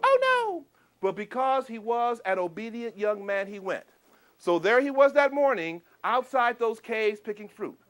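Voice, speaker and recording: A man telling a folk tale to a live audience as a storyteller, expressive, swinging between booming shouts and hushed asides and asking the listeners questions. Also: moderate pace.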